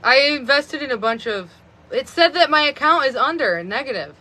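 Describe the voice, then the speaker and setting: Bright chatty woman around 30 on a phone live stream, rambles on, like, a lot. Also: high voice, animated, moderate pace. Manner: rambling, chatty, many fillers of "like". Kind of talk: casual live stream chat.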